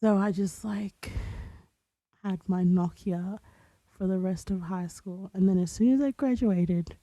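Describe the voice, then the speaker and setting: A young woman co-hosting a podcast in casual chat, rambling as she searches for details, often dropping into breathy asides. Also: mid-range voice, a little slow, warm tone, dry recording, rough recording. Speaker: podcast co-host.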